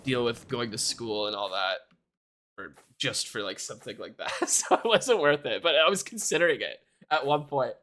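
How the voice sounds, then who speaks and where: A man's voice: medium pitch, animated, moderate pace, pushed and bright. A young man streaming live, chatting casually and ranting animatedly, often breaking into laughter. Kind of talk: casual chat.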